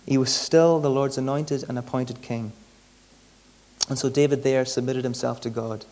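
A man's voice: mid-range voice, fairly even intonation, normal speed, darkish tone. Male preacher, conversational delivery, frequent restarts and repeated words. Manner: conversational, often repeats words mid-sentence. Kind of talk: sermon.

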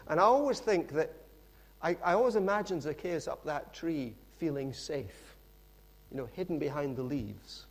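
A middle-aged man delivers a sermon as a lively, conversational story. His voice sits somewhat high for a man, and he drops in friendly asides to the listeners as he goes. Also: normal speed. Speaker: preacher.

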